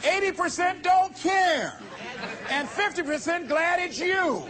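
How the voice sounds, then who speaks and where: A man's voice: extremely high pitch, expressive, takes it slowly, a crowd in the background. A man giving a motivational speech to a live audience, blunt and wry. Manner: blunt, plain-spoken, wry. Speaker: motivational speaker. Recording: live audience recording with music over it.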